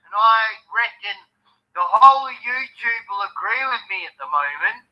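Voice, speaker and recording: A man's voice: high voice, a little slow. A man with an Australian accent ranting furiously and profanely at someone on a live stream call. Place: bathroom. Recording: muffled phone line.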